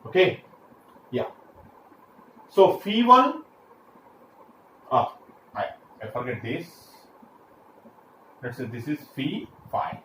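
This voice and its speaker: Male lecturer, a touch higher voice, talks through steps with fillers; roomy recording with light hiss. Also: very animated, slow, pauses often, bright, forceful tone. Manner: explains step by step with frequent fillers and restarts. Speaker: engineering lecturer. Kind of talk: classroom lecture. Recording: echoey room, faint background hiss.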